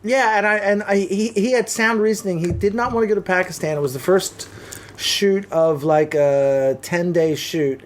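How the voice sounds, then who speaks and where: A man guesting on an interview, telling stories and giving advice in a relaxed, candid way, now and then swearing. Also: sits high, moderate pace, a little hiss or hum. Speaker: interview guest, film production head. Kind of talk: casual interview chat.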